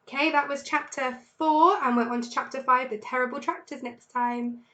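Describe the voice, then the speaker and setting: An English woman reads a children's chapter book aloud to her pupils, expressive and lively in her storytelling. Her voice sits somewhat high. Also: moderate pace, lo-fi sound. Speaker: teacher reading to pupils.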